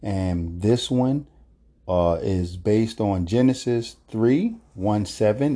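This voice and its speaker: A man's voice: lowish voice, takes it slowly, dark tone. A man hosting a casual solo podcast, rambling and hesitant with many fillers. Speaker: podcast host.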